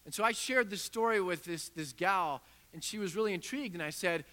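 A male pastor delivers a conversational sermon, retelling a conversation with lively back-and-forth. His voice sits a little high and sounds bright and forward. A long reverb trails behind him, as in a church sanctuary. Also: a little fast, few pauses. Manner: conversational storytelling preacher, animated retelling of dialogue. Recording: reverberant hall.

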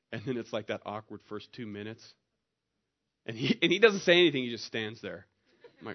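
A man's voice: lowish voice, brisk, muffled recording. A man preaching a sermon in a conversational, storytelling way, pushing up into emphatic rises. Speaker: pastor.

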